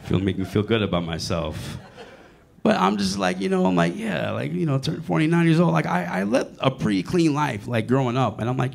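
A man in his late forties doing crude stand-up in a comedy club, swinging his pitch up and down as he tells his story. His voice has a gravelly rasp, and he keeps turning to tease the crowd. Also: fairly quick. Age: 40s. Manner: crude, animated storytelling with audience banter. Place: comedy club with live audience.

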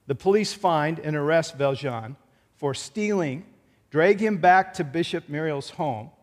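A man preaching a sermon as pastor in a church, earnestly retelling a film scene. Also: a little high. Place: church sanctuary. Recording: church hall reverb.

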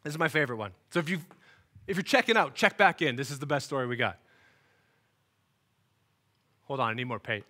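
A man preaches in a bright, ringing voice that climbs and drops all through his stories. He slips into the voices of the people he is quoting, so the sermon feels like a story told aloud in church. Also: mid-range voice, expressive, brisk, long pauses. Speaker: guest speaker. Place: church, recorded for online worship.

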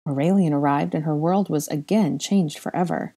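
A woman narrates a story aloud with a low, mellow voice. Her reading is slow and measured, in audiobook style. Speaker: fan fiction reader.

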